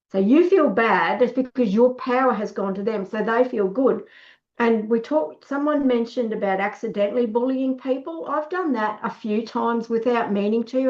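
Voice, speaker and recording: Gravelly woman telling stories. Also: fairly high pitch, dull audio. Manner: storytelling, acts out quoted lines, many restarts. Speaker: workshop speaker. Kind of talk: casual talk on a webinar.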